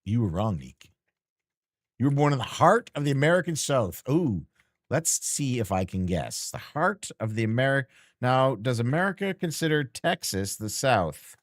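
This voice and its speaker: A man's voice: mid-range voice, big pitch swings, moderate pace, no room sound, studio quality. A man streamer chatting casually and teasingly with his chat while playing a game, rambling and joking.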